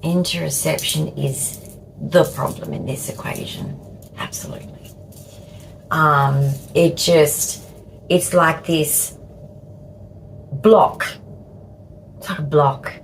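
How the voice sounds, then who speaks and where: An Australian woman in her fifties vlogging in a halting, repetitive way with cheeky asides. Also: low-pitched, gravelly, a little hiss or hum, rough recording. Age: 50s. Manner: slow, halting, repeats words, cheeky asides. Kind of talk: casual talk to camera.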